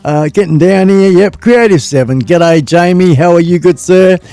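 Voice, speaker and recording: An Australian man hosting a casual live stream from his home studio, rambling and excitable, with whoops and laughs. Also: sits high, normal speed, dry recording. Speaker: livestream host.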